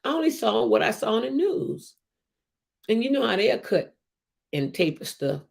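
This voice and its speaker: A woman's voice: fairly high pitch, big pitch swings, unhurried, gravelly. A woman hosting a casual livestream, talking emphatically with many restarts and repetitions and reading out viewer comments. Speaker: host of a livestream show.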